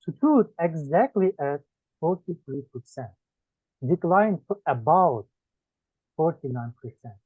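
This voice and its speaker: Male Turkish-accented English tutor, lively pitch, dry close sound, drills words one by one. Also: breathy edge, dry recording. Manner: listing words one by one with pauses. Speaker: English teacher. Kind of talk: one-on-one lesson. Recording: dry tinny phone-like sound.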